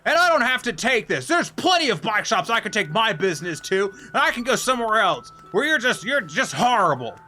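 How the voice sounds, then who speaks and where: A man acting out an indignant, hot-tempered male bike shop customer in a shrill, huffy voice while retelling a story. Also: sing-song, moderate pace, pushed and bright, soft background music. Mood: furious.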